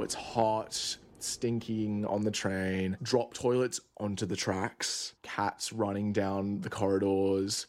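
A young man in his twenties recounts a trip in a relaxed, vivid storytelling voice, sitting a little low in pitch. He talks casually, with quick asides. There is a faint hum of ambience behind him. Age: 20s. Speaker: student storyteller. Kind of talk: personal travel story.

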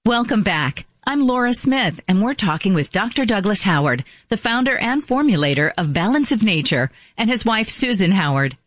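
A woman's voice: medium pitch, very animated, moderate pace, hardly any pauses, no room sound. A woman hosting a sponsored talk program, speaking in an enthusiastic, promotional way. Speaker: host. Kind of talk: scripted talk-show host.

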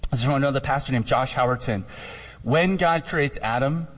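A male pastor giving a conversational, animated sermon with jokey asides. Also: mid-range voice, fairly quick. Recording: long hall reverb.

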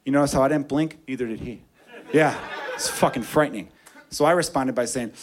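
A man telling a story in a stand-up comedy set, profane, animated and wry. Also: medium pitch, brisk.

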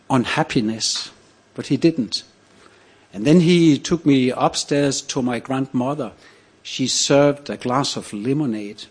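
An older man from Denmark, telling a personal story on stage in a measured, reflective way with pauses. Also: medium pitch, slightly rough. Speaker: storyteller, priest.

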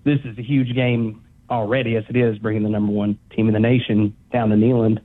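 A man from Northeast Tennessee calling a sports radio show, polite and hesitant, with many pauses. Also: fairly low pitch, flat delivery. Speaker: radio caller. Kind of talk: polite call-in question. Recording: tinny phone line.

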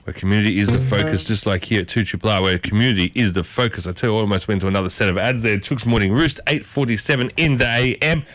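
A man's voice: lowish voice, fast talker, few pauses, fairly bright tone, dry recording, soft background music. A man hosting a breakfast radio show in casual, folksy chat, firing questions at his listeners. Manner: chatty and folksy, quizzes listeners with strings of questions.

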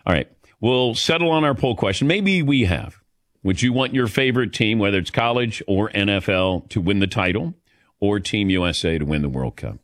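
A middle-aged man from the Midwest hosts sports talk radio with an animated, swinging delivery. He tells stories and banters with his co-hosts, laughing easily. The sound is dry and close. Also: fairly low pitch, moderate pace, no echo. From American Midwest. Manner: chatty storyteller, laughs easily, calls on co-hosts by name. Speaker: radio show host.

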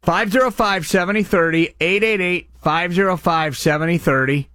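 A middle-aged man hosting a live radio charity appeal, eagerly thanking callers by name and stumbling over his words when excited. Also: high voice, moderate pace, no echo, studio quality. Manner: excitable, names donors with loud bursts of enthusiasm; stutters and restarts when excited. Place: radio studio.

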